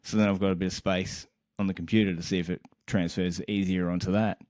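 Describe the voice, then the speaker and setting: Swearing bloke telling a story. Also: male voice, low-pitched, fast, dry recording, clean studio sound. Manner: animated, exasperated, swears constantly, laughs mid-sentence. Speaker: podcast co-host. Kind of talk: casual storytelling chat.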